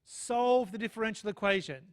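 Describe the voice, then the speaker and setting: A man's voice: high voice, normal speed. A man lecturing on math to a live class, chatty, often checking in with "okay?" and "right?". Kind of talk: live lecture with student questions.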